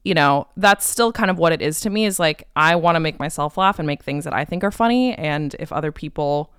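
Chatty young woman, smooth clear voice. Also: low voice, no echo, studio quality. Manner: chatty, laughing, quick asides. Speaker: guest, comedian and composer. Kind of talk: casual interview chat.

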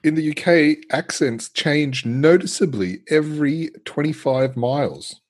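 A man co-hosting a casual podcast chat, relaxed and laughing at his own fumbled words. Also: on the high side, a little slow. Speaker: podcast co-host.

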